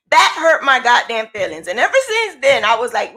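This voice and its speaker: A woman's voice: a little high, big pitch swings, brisk, hardly any pauses, pushed and bright. A woman crochet vlogger chatting casually and candidly, swearing now and then and acting out the people she quotes. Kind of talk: casual chat.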